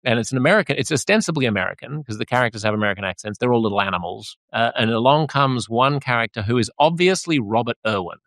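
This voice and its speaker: A man's voice: medium pitch, expressive, fast, hardly any pauses, fairly bright tone, no room sound. A man hosting a podcast who talks in a casual, rambling way and laughs as he goes. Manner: rambling, chatty, laughs while talking. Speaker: podcast host. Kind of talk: casual conversation.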